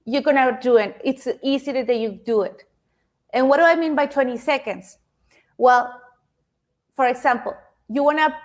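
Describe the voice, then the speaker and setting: High-pitched woman, non-native English speaker, chatty motivational speaker who repeats herself and keeps checking in with listeners. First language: not English. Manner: chatty, repeats words, speaks to the audience directly. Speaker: speaker giving a self-help talk. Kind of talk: interactive motivational talk.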